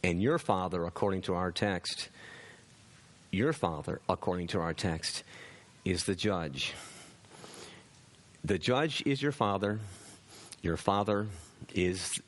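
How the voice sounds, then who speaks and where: Slow, earnest male preacher. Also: low voice, animated. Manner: earnest, repeats words when building a point. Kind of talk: sermon.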